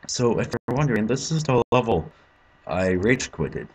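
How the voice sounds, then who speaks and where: A young man commentating his own gameplay, frustrated and swearing, with sudden angry yells. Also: mid-range voice, sing-song, moderate pace, slightly rough. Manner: frustrated, swearing, bursts into yelling. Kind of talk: let's play commentary.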